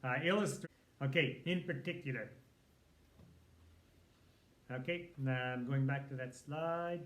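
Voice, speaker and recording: A man of medium pitch and measured pace teaches writing in a recorded walkthrough. He revises a sample text while musing aloud in an easygoing way, dropping in fillers.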